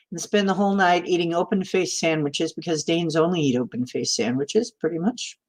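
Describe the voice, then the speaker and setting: A radio-trained woman with a flat Midwestern announcer accent, hosting a casual livestream and chatting with viewers as she reads their comments, laughing often. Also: lowish voice, fairly quick, hardly any pauses. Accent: flat Midwestern American, announcer style. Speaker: host of a spiritual livestream.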